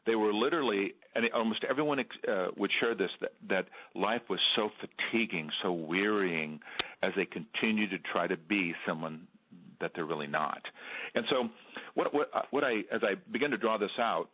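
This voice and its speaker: A middle-aged man, an author guest on a radio interview, telling stories in an earnest, halting way and repeating words. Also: on the low side, sharp tone. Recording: dull lo-fi radio sound.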